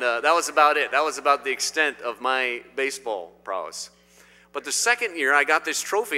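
Middle-aged male pastor from Indiana, emphatic sermon delivery, slightly high bright tone, long reverb. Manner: emphatic, swinging between loud declarations and quiet asides. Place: church sanctuary.

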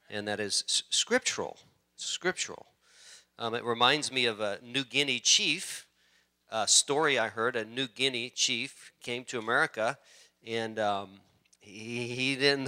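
Bright-voiced male pastor telling stories. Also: mid-range voice. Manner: animated storytelling, rising excitement. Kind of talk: sermon.

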